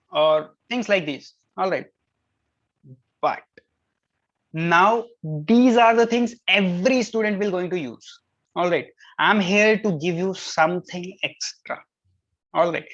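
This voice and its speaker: A tutor gives exam tips in a middle-pitched voice, switching between explanations and French example phrases. They keep saying "all right" between points. The recording sounds dull and lo-fi.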